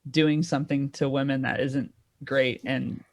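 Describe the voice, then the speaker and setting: A woman's voice: a bass voice, little pitch movement, unhurried, a little mellow. A woman comedian talking casually on a comedy panel, rambling with lots of "like" fillers. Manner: rambling, chatty, frequent "like" fillers. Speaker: comedian guest.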